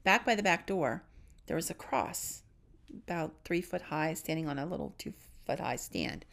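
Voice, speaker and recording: A middle-aged woman with a low-set, gravelly voice full of vocal fry tells a personal story. She speaks earnestly, often sinking to a hushed tone at the tense moments. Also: expressive, normal speed. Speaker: podcast co-host.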